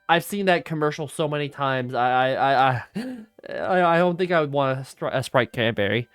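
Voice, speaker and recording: A woman's voice: extremely low pitch, normal speed, few pauses, smooth, no echo, faint music behind. A woman giving casual, rambling let's play commentary, swearing freely as she goes. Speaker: gaming streamer.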